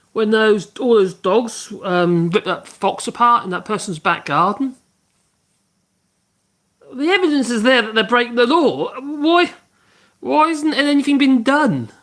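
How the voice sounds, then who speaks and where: A man's voice: very high-pitched, lively intonation, unhurried, fairly bright tone. A man hosting a casual woodworking livestream, rambling and humming to himself as he works. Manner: rambling, hums to himself while working. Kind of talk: casual livestream chat while working.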